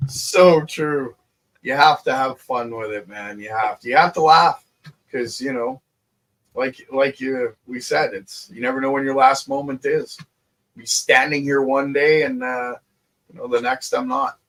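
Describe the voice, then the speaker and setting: A man, an inventor, talking in a relaxed group video chat, animated and quick to laugh and swear. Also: medium pitch. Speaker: inventor and show guest.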